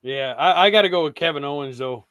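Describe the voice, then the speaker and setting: A man chiming into a casual online chat, chatty and quick with opinions. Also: a little high, fairly bright tone, clean tone.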